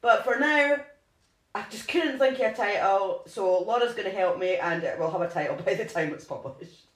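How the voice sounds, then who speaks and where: A woman's voice: mid-range voice, expressive, normal speed. A woman co-hosting a podcast in casual chat, rambling and laughing at herself. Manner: giggly, rambling, self-mocking. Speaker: podcast co-host. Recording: echoey room.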